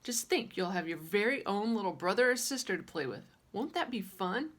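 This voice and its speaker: A woman reading a children's audiobook, voicing a patient young father who explains things slowly. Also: mid-range voice, animated, fairly bright tone.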